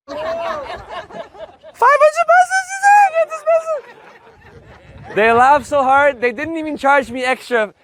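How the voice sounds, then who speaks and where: High-voiced animated male Spanish teacher. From Canada. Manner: animated, playful storyteller acting out voices. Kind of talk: storytelling lesson to a live class. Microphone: loudspeaker mic.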